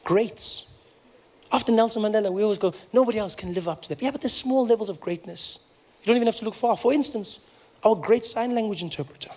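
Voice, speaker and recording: A young adult man with a South African accent performing stand-up, telling stories in an animated way and acting out the people in them. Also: sits high, a little fast, a little hiss or hum. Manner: animated storytelling with acted-out voices. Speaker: stand-up comedian. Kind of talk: stand-up comedy. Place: comedy stage before an audience.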